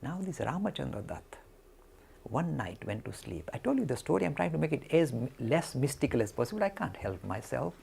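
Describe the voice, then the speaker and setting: Lively gravelly man telling a story. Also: medium pitch. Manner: animated storyteller, acts out quotes. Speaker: lecturer. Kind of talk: storytelling spiritual talk.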